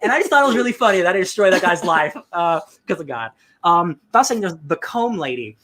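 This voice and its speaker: A man co-hosting a podcast in casual chat, telling stories with lively asides and quick acted-out bits. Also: high voice. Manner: animated storytelling, acts out game characters in quick bits. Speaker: podcast co-host.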